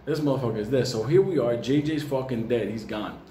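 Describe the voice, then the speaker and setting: A man tells a comic story in a profane, animated way, laughing often. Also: medium pitch, brisk, a little hiss or hum. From New York. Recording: roomy with faint ambience.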